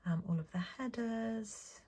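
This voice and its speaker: A young Englishwoman chatting through a planner sticker haul, gushing and saying um a lot, often dropping to a soft whisper. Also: fairly high pitch, takes it slowly, breathy edge. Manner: chatty, gushing, frequent ums and apologies. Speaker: planner vlogger. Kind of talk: casual sticker haul voice-over.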